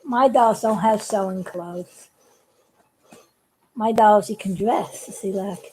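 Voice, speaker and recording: A woman's voice: medium pitch, takes it slowly, darkish tone, slight background noise, rough recording. A woman who makes puppets, chatting casually and giggling as she shows how she builds them. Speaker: puppet maker. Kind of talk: casual craft demonstration.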